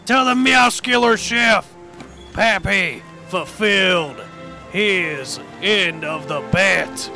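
A man's voice: high-pitched, slow, creaky, pushed and bright, full character voice. A man voicing a belligerent old-timer monster hunter in comedic gameplay commentary, folksy and grumbling. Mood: gloating. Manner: folksy grumbling, cries dadgummit. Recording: game music under voice. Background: video game music.

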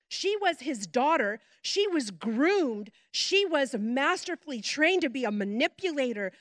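High-voiced, animated woman preacher. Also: no echo, studio quality. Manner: animated storytelling, chatty asides. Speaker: pastor's wife and preacher. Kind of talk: sermon.

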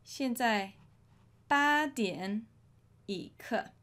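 A woman teaching a language lesson, modelling each phrase slowly and clearly for learners to repeat. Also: on the high side, lively intonation, a bit bright. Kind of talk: slow, deliberate language lesson.

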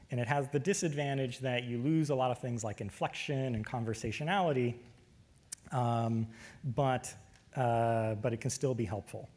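Man, lecturer, technical talk, casual pace, easy fillers, mid-pitched voice. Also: slightly rough. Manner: relaxed with frequent fillers and brief laughs.

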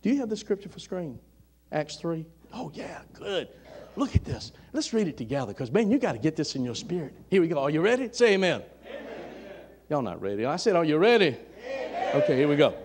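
A man's voice: a little high, very animated, fairly quick, a little mellow, a little hiss or hum. A man preaching a sermon in a church, fervent and calling out members of the congregation by name. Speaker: pastor. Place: church sanctuary.

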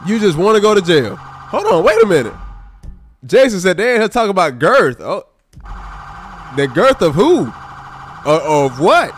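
A man's voice: sits high, normal speed, pauses often, faint music behind. A man live-streaming a police role-play game, chatting with viewers and exclaiming at the game characters. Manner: animated, exclaiming, talks to chat and game characters. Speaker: streamer role-playing a state trooper. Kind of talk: casual live-stream gameplay chat.

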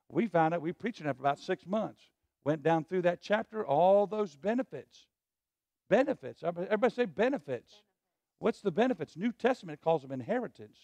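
Male pastor, high-pitched and lively, leads a call-and-response sermon, dry close sound. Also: no echo. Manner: preacher who prompts the congregation to repeat lines; drops to a hushed voice on asides, rises on scripture. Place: church sanctuary.

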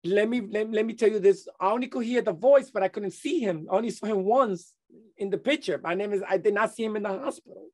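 Middle-aged man, interview guest; halting testimony, lots of restarts. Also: high voice. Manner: halting, many restarts and repeated words.

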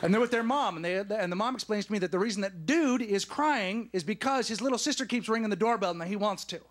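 High-voiced animated male comedian. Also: fast talker. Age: 30s. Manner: animated, emphatic storytelling with punchy asides. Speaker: stand-up comedian. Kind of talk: stand-up comedy set. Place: studio stage before a live audience.

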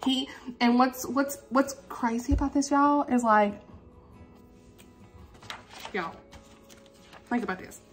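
A woman's voice: a little high, takes it slowly, pauses often, faint music behind. A woman talking casually to her camera at home in a reading vlog, heartfelt and chatty, calling listeners "y'all" and "honey". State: tearful, emotional. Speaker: book vlogger.

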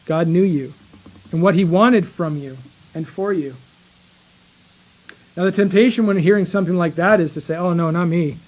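A man preaching a sermon in a small church, earnest and emphatic, slowing down and pausing to stress his points. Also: sits high, poor audio. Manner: earnest, slow emphatic delivery with pauses.

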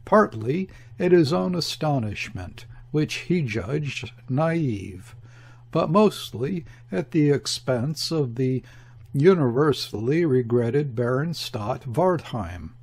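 A man narrating a classic novel in a measured, deliberate way with a husky, gravelly voice. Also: medium pitch, animated, a little mellow. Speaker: audiobook narrator. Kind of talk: unabridged novel reading.

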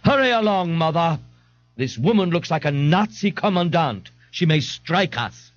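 A man's voice: a little high, animated, normal speed, dry recording, pitched above the performer's own voice, natural voice. Guy doing a pompous whiny young man, fussy and grand, lots of swoop in the voice, dull dry old tape. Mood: haughty. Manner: grandiose, indignant, overly formal speech.

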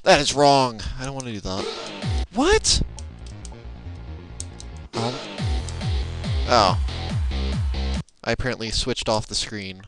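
A young man talks through a tough platform game into his laptop microphone, swinging his pitch all over as he mutters, groans and swears at the screen. He speaks at a slow, drawn-out pace, with faint game music playing underneath. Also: sing-song. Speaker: let's play gamer. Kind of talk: casual gameplay commentary.

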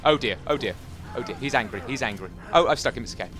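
A man giving jokey, excitable commentary as he plays a video game, chatting to his viewers and taunting enemies. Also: mid-range voice, fast talker. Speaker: gaming YouTuber. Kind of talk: casual Let's Play commentary.

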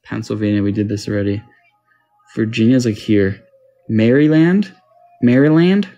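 A young Australian man playing a map quiz, thinking aloud and getting frustrated, his voice jumping high when he can't find a place. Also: normal speed, mellow, lo-fi sound, faint music behind. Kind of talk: casual gaming commentary.

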